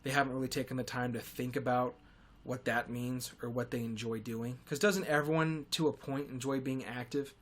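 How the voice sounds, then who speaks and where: A man's voice: mid-range voice, fairly even intonation, moderate pace. A young man hosting a podcast, rambling through a comedic monologue with sarcastic, self-deprecating asides and frequent restarts. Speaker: podcast host.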